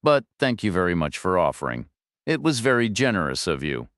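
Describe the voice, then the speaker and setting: A man voicing a frail old woman who speaks hesitantly, wavering, low and resigned. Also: sing-song, fairly quick, fairly bright tone, no room sound, studio quality, heavily acted.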